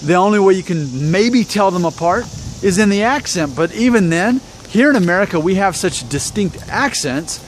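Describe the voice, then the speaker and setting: A man's voice: sits high, expressive, normal speed, slight background noise. A man from Alabama talking to camera in a rambling, self-deprecating way, full of fillers and restarts. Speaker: YouTube vlogger. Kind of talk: casual talk to camera.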